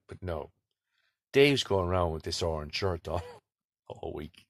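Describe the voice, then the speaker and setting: Deep-voiced man telling rambling stories. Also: expressive, a little slow, long pauses, no room sound, studio quality. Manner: rambling, laughs between stories. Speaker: bus driver. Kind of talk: casual anecdotal storytelling.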